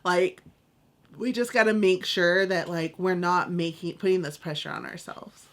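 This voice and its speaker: A woman's voice: lowish voice, normal speed. A young woman co-hosting a podcast in casual chat, gushing and emotional and laughing often. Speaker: podcast co-host.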